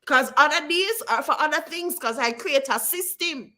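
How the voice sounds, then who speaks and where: A woman's voice: sits high, lively intonation, normal speed, bright, forceful tone. A woman hosting a live stream, talking directly and encouragingly to her viewers and calling on them by name. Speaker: livestream host. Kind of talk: live-stream advice talk.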